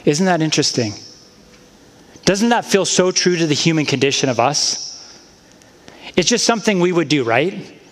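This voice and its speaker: A man's voice: on the high side, expressive, normal speed, long pauses. A man preaching a sermon as a pastor, in a conversational style with casual asides. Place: church sanctuary. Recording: long church-hall reverb.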